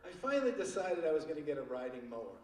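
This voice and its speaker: A man's voice: fairly high pitch, big pitch swings, very fast, heavy background noise. Older man telling wry stand-up stories. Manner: wry storytelling with crude punchlines. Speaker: stand-up comic. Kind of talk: stand-up comedy set. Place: theater stage. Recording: echoey theater from far off, loud audience.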